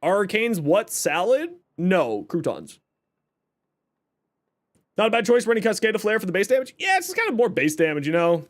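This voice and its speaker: A man's voice: high-pitched, very animated, moderate pace. A young man streaming a game, chatting casually with viewers, joking and explaining his build. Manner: chatty, jokey, reads chat aloud and explains builds. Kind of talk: casual live stream chat.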